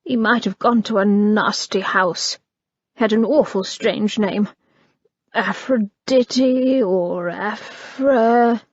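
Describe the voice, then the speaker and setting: A woman's voice: mid-range voice, slow, dry recording, dull audio. A woman voicing an evasive, sulky old male servant with rustic, grumbling speech.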